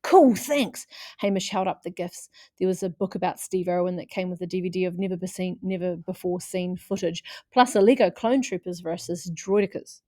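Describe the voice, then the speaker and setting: A woman reading a children's chapter book aloud in a lively way, putting on voices for the characters. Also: lowish voice, brisk, few pauses, dry recording, clean studio sound. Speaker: audiobook reader.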